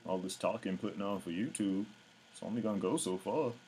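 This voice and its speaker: A show host in casual commentary to viewers, blunt, profane and exasperated. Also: male voice, low voice, fairly quick, a little mellow, slight background noise.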